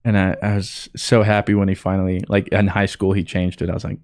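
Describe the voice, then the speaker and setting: A man's voice: deep voice, little pitch movement, fairly quick, a little mellow, smooth, no echo, clean studio sound. A young man, co-hosting a podcast and telling laid-back anecdotes. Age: young adult. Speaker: podcast co-host. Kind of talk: casual chat.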